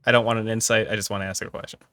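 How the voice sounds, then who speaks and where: A man playing a tabletop game, wry and joking, asking quick questions. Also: lowish voice, flat delivery, fairly bright tone. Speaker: player.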